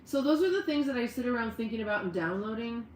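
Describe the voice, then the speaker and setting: A woman's voice: on the high side, animated, fast talker, echoey room, a little hiss or hum, poor audio. A woman hosting a casual live stream, rambling and talking to her dogs and her chat. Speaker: livestream host.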